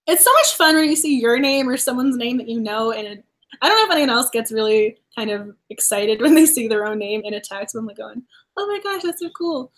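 A woman's voice: a little high, animated, brisk. A woman from Massachusetts co-hosting a book club live stream, chatting casually and laughing often as she talks. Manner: bubbly, laughs often while talking.

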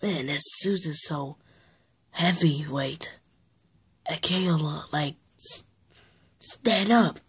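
Low-voiced, half-whispering woman. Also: slow pace, pauses often, slightly rough. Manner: half-whispered, sighing, rambling. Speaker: toy play video maker. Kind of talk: improvised toy play narration.

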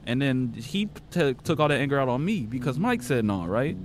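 A man's voice: mid-range voice, big pitch swings, moderate pace, a little hiss or hum. A young man playing a horror game, chatting casually and retelling events in slangy, profane rambles. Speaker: gaming streamer. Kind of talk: casual let's-play commentary and retelling.

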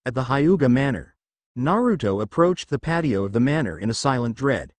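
Man narrator, lively pitch, story reading, dry close sound. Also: brisk, no room sound. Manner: reads all the figures himself. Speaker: fan fiction reader.

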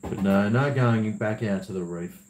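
A man's voice: on the low side, normal speed, darkish tone, a little hiss or hum. A man who hosts a livestream, chatting casually, rambling and laughing as he reads viewer messages. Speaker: livestream host. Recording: roomy echo.

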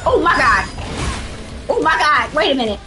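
Excitable husky woman swearing at a game. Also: high-pitched, normal speed, poor audio. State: tired. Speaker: streamer. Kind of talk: casual gameplay commentary. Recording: music playing loudly behind.

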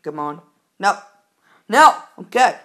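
Excitable woman narrating her gameplay. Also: medium pitch, slow. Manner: excitable, frequent startled exclamations; rambling, repeats words and fillers. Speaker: gameplay video host. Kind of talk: excitable gaming commentary.

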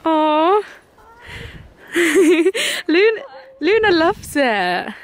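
A woman's voice: very high-pitched, very animated, extremely slow. A woman vlogging casually with her dogs, giggling often and cooing at them in a baby voice, filmed on a handheld phone. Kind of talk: casual vlog chat. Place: outdoors in a car and a field with dogs. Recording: noisy outdoor phone recording.

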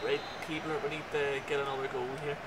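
A man's voice: on the high side, level tone, fast talker, heavy background noise. A Northern Irish man livestreaming a football game, chatting casually with viewers and swearing at his team. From Northern Ireland. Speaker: gaming livestreamer.

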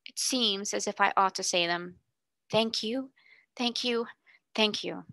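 A woman voicing a kind, gentle young girl who speaks softly and earnestly, often near a whisper. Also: medium pitch, measured pace, creaky, no room sound. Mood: grateful.

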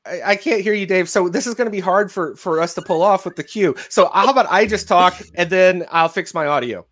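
A man's voice: sits high, fairly quick, a bit bright. A man co-hosting a live stream on a video call, playful and a bit flustered. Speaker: co-host. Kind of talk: casual live-stream chat.

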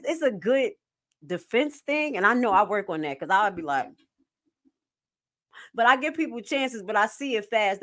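A woman chatting casually on a livestream in slangy, animated, jokey talk with some swearing. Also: medium pitch. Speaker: night nurse and commentary streamer.

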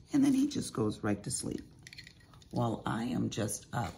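A woman's voice: extremely low pitch, huge pitch swings, a little slow, creaky, mellow, a little hiss or hum. A middle-aged woman chatting casually while crafting at home, telling sassy stories with big swings in her voice. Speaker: crafting vlogger.

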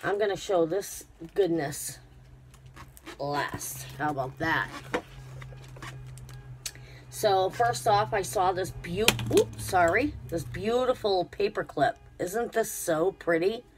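Low-voiced woman gushing through an unboxing. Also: takes it slowly, noisy background. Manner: gushing, effusive, many fillers. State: tired and unwell. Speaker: crafting vlogger. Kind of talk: casual unboxing chat to camera.

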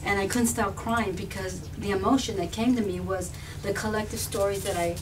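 A woman telling a personal story on a live panel, animated and often laughing, with restarts and repetitions. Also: medium pitch, fairly quick. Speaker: filmmaker and activist guest. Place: live event room with an audience. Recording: distant mic with background noise.

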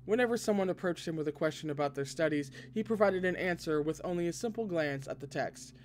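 A man reads a novel aloud with expressive delivery, breaking in with excited asides now and then. His voice sits fairly high for a man. Faint noise runs underneath. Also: fast talker. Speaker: podcast reader. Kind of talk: reading a novel aloud with reactions.

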